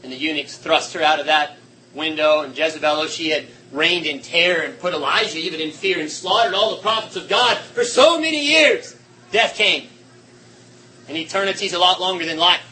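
A man preaching a sermon with passion, swinging between shouting and hushed, quiet tones. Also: fairly high pitch, moderate pace, slight background noise, low-quality recording.

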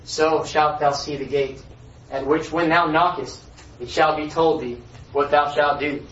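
A solemn guide instructs slowly and gravely, read aloud by a man. The high voice comes from far off in a roomy, dull recording. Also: fairly even intonation, a bit bright. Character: solemn guiding male counselor, grown man. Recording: echoey room, voice far from mic, dull lo-fi.

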